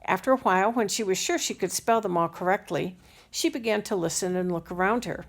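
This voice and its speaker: A woman narrating a children's novel aloud in a measured, unhurried storytelling manner. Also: mid-range voice, vocal fry. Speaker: audiobook reader.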